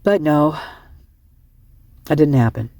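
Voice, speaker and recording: A woman's voice: sits low, lively intonation, slow, dark tone, no room sound. A middle-aged woman giving rambling, emotional casual commentary, sleep-deprived and often restarting her sentences. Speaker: online commentator.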